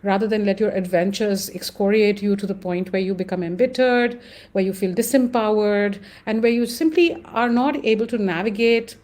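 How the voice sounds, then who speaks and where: A woman with an Indian English accent, speaking as a guest in an interview, thoughtful and animated, often pausing with fillers. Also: medium pitch. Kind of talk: conversational interview.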